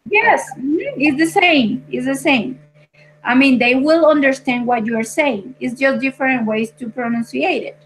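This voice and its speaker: High-voiced American woman teaching English. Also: fairly bright tone, slight background noise, rough recording. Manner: patient, explains slowly with examples. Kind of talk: online English lesson.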